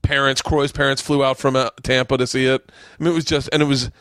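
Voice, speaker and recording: A man hosting a casual podcast, telling stories with swagger and a lot of cursing. His voice is mid-pitched and recorded dry and close, with no room sound. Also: fast, no room sound. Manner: animated, acts out quoted voices, swears often. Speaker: podcast host. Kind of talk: casual chat, storytelling. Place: home studio.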